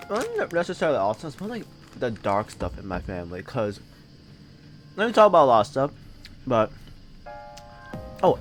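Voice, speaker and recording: A young man chats casually while streaming a game, his stories wandering and packed with fillers. His voice sits at an everyday middle pitch, and quiet game music plays underneath. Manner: rambling, filler-heavy storytelling with frequent laughs. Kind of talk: casual chat while gaming.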